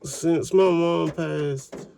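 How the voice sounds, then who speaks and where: A man with a gravelly, creaky voice talks unhurriedly into the camera, keeping a personal video diary. He is candid and reflective, often pausing and restarting his thoughts. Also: a little high, fairly even intonation, dark tone, a little hiss or hum. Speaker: vlogger.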